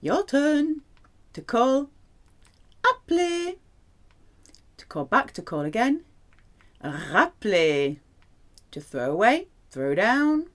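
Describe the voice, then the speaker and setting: A woman teaching a French lesson, explaining playfully and slowly repeating words for practice. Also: medium pitch. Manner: lively, playful explaining with slow drilled repetitions. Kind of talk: language lesson.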